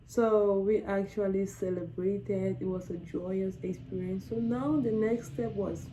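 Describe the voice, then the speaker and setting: A woman's voice: medium pitch, steady tone, measured pace, lo-fi sound, noisy background. A young woman from Cameroon telling her story in a casual storytime vlog, chatty and emotional, with lots of "like". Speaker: vlogger.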